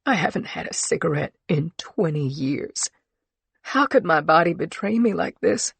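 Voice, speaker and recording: A scared, tearful woman doctor pleads in a shaky voice, pitched above the narrator's own, as a woman reader puts her on. Her emotional lines come across close and dry, with no room sound, as in an audiobook. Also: expressive, normal speed, breathy edge, no echo. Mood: pleading. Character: frightened tearful woman doctor facing cancer.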